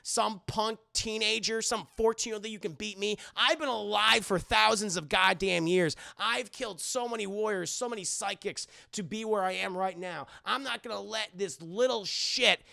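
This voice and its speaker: A vicious, boastful ancient demon, put on by a man recapping a cartoon spits profane threats in a high, gravelly voice. The tone is bright and cutting. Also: measured pace, hardly any pauses, heavily acted. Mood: enraged.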